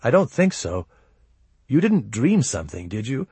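A man's voice: mid-range voice, big pitch swings, moderate pace, darkish tone, breathy edge, no echo, full character voice. A man reading aloud and voicing a skeptical grown son who speaks bluntly and in a matter-of-fact way.

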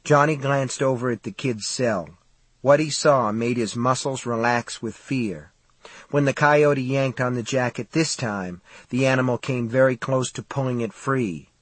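Male audiobook narrator, husky, dry close recording, steady measured read. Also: medium pitch, dry recording. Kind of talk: scripted narration.

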